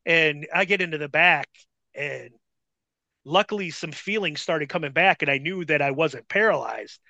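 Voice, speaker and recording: A man, a former wrestler, casually telling a profane, animated story as a podcast guest. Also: a little high, moderate pace, creaky, no room sound, lo-fi sound.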